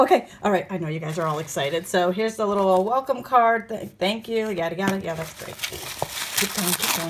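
Gushing, excitable woman unboxing a kit. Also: medium pitch, breathy edge. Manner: gushing and excitable, gasps and squeals. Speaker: crafting channel host. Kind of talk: live unboxing chat.

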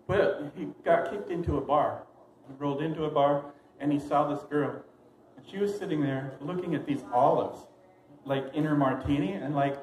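A man's voice: fairly high pitch, moderate pace. A young man telling a story at an open mic, rambling and hesitant, often laughing at his own jokes. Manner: rambling, hesitant, self-amused. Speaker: stand-up comic. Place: small comedy venue. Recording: echoey room with clear noise.

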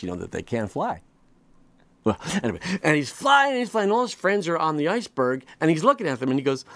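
A man hosting his own comedy show, delivering a rambling, animated monologue full of restarts and quick mock voices. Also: a little high, no echo. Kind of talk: comic monologue.

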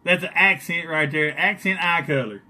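A man jokes his way through a live makeup session. He is teasing and boastful. His voice sits fairly high and sounds bright. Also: moderate pace. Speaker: guest makeup artist on a live stream. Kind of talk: joking live-stream banter.

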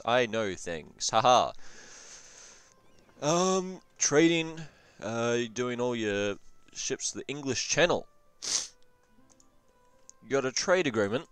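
A low-voiced young man talks through a strategy game replay in loose, profane, rambling commentary full of jokes and asides. His voice is smooth and close to the mic in a dry space, with faint music underneath. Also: no echo. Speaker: gaming commentator. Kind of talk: casual strategy game review.

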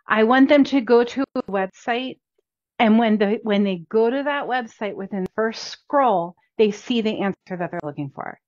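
A woman's voice: fairly high pitch, animated, normal speed, darkish tone, no room sound. Chatty woman chiropractor coaching practice owners, upbeat, dry lo-fi sound. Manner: chatty, upbeat, repeats key points. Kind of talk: instructional talk. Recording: dull, dry lo-fi recording.

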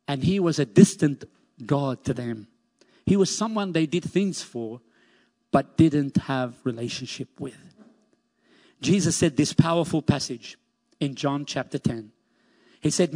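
A man's voice: medium pitch, unhurried, a little mellow. A man preaching a sermon as pastor, emphatic, repeating key phrases and lifting his voice on scripture. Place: church sanctuary. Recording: long church reverb.

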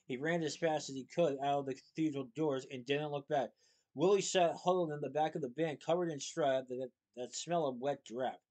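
A man's voice: on the high side, normal speed. Man reading a children's novel aloud. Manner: plain, steady storytelling. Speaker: reader.

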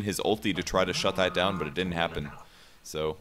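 A man casting a live esports match, explaining builds and calling fights with rising excitement. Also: deep voice, a little hiss or hum. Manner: explanatory, lifts into fast excited calls during fights. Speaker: esports play-by-play caster. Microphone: home setup over an internet voice call.

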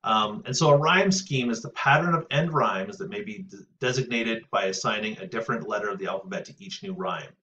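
Male teacher, low voice, casual lecturing, muffled lo-fi sound from off-mic. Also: pushed and bright, a little hiss or hum. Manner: casual, frequent "right?" checks and filler pauses. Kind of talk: recorded lecture on poetry. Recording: distant, muffled lo-fi audio.

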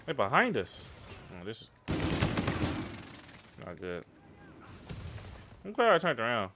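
A young man giving live, slangy, excitable commentary over his own shooter gameplay. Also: medium pitch, slow pace, pauses often, heavy background noise. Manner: excitable, slangy, trash-talking. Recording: game gunfire behind the voice.

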